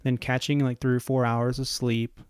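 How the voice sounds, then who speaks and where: A podcaster who is also an airline pilot recounts anecdotes conversationally, acting out other characters along the way. His medium-pitched voice is flat in delivery, at a normal speed, a little mellow and clean in tone. It's studio quality with no room sound.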